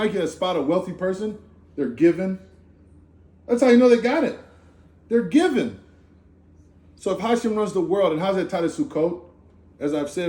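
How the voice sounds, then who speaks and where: Male preacher with a high voice, slangy and conversational, informal sermon at a gathering. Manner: animated, conversational, slangy with asides. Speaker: speaker giving a Torah talk. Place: Sukkot gathering in a room. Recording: echoey room.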